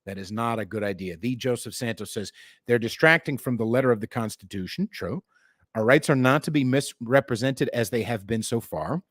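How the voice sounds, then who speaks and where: This time the middle-aged man speaks at medium pitch, a little fast, in a studio-quality recording with no room sound. Hosting his podcast, he launches into a sarcastic, profanity-heavy political rant, animatedly mocking people with put-on voices from time to time.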